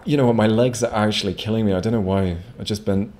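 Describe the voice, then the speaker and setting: A man's voice: lowish voice, fairly even intonation, fast, a little mellow. A man casually commenting while streaming a video game, rambling with self-mocking jokes and asides to chat. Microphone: desk microphone.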